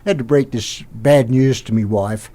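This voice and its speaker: An older Australian man, a podcast guest, rambling through an animated anecdote and acting out the quotes. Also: mid-range voice, moderate pace. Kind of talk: anecdotal storytelling.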